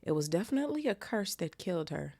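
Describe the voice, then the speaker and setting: Lady reading a show-off wizard teacher, eager and bragging, low creaky voice. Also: very animated, fast, mellow, no echo. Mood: boastful. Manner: boastful.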